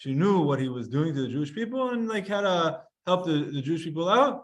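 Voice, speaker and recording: A man teaching a lively Gemara class to students, reading Hebrew lines aloud, translating them and acting out sighs and whimpers. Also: on the high side, racing. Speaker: Talmud teacher.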